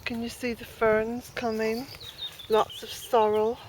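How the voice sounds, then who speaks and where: A woman's voice: a little high, flat delivery, takes it slowly. A middle-aged Irish woman from Ireland, chatting casually as she walks her garden, a bit out of breath and calling out to her dog now and then. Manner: chatty, calls loudly to her dog between quiet asides. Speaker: smallholder vlogger. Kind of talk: casual walk-and-talk garden tour. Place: outdoor rural garden. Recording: noisy outdoor camera audio.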